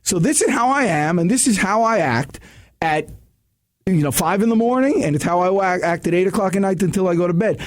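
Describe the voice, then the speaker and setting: A middle-aged man speaks with a high voice in a casual radio studio chat. He gives sales advice in energetic, emphatic bursts, often restarting his sentences as he tells stories. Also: brisk. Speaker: sales coach guest.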